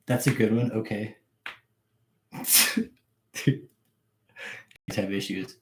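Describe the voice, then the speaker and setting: A man's voice: lowish voice, fairly even intonation, very slow, long pauses, darkish tone. A man hosting a livestream, chatting loosely and swearing, often laughing to himself. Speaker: livestream host. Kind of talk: casual livestream chat.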